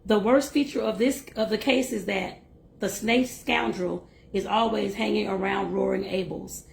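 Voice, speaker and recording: A stern, blunt old uncle hands down judgments, read by a woman. The voice is gravelly and lowered, and it echoes in a bare room. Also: steady tone, normal speed.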